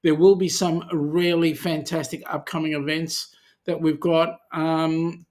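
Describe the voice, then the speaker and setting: A man's voice: on the high side, little pitch movement, unhurried, darkish tone. Chatty Australian man hosting a livestream. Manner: chatty, reads viewer comments aloud and answers them. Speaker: charity channel host. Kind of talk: casual livestream chat.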